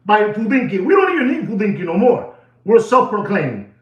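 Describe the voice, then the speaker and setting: High-voiced man ranting from far off. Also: fairly quick. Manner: rambling, excitable ranting. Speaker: watch market show host. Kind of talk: comic rant. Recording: echoey, distant, dull sound.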